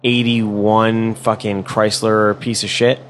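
A man's voice: on the low side, slow pace, a little hiss or hum. A man hosting a podcast, telling a long story in casual, profane chat and acting out the people in it. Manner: profane, animated storytelling with acted-out quotes. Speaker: podcast host.

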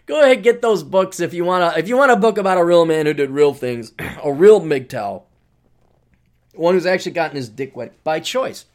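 A man's voice: a little high, lively intonation, moderate pace. A man hosting a casual podcast monologue, talking in a sarcastic, ranting way. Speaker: podcast host.

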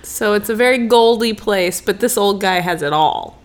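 A woman's voice: medium pitch, moderate pace. A woman co-hosting a podcast in casual chat, curious and teasing, asking questions about the story. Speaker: podcast co-host.

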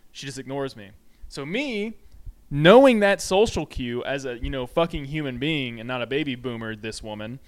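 A man's voice: mid-range voice, normal speed. A man co-hosting a podcast, telling retail stories in casual, profane chat full of fillers. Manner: profane, animated anecdote-telling with many fillers. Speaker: podcast co-host. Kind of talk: casual storytelling. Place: home studio.

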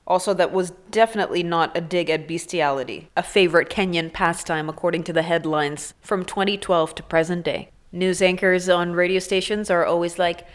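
A woman giving a crude, sarcastic comedic commentary monologue, often jumping into high, squeaky asides. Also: steady tone, fairly quick, hardly any pauses.

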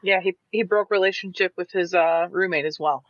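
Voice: mid-range voice, fairly even intonation, a little fast, fairly bright tone, no echo, highs cut off. A player in a tabletop game, agreeably reasoning through the case.

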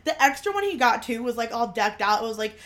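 A woman's voice: on the high side, big pitch swings, fast talker, a bit bright. A woman hosting a podcast, telling a family story in casual chat full of filler words. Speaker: podcast host.

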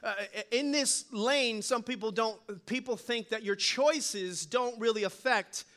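A male pastor delivers a sermon in a notably high voice. He is animated and playful, weaving jokes and little stories into his preaching. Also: a little slow. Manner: animated, joking storyteller.

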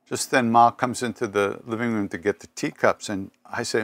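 An older man giving a spiritual talk, telling personal stories in an unhurried, reflective way with pauses and self-corrections. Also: mid-range voice, fairly even intonation, a bit bright, no echo. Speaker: spiritual teacher.

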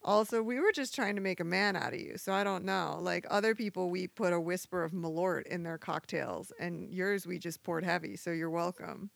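Profane, gravelly-voiced woman bartender. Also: on the low side, normal speed, hardly any pauses, no room sound. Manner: candid, profane storytelling. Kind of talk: casual podcast chat.

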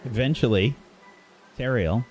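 A man's voice: mid-range voice, a little slow, a little mellow, faint music behind. Man narrating as game master. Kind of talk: running a tabletop game.

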